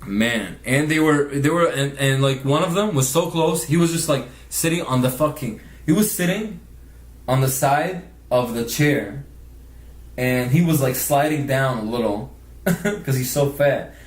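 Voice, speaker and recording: A man's voice: mid-range voice, a little slow, echoey room. A man telling a rambling, profane story in casual vlog narration, laughing often. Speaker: vlogger narrating over a speed painting.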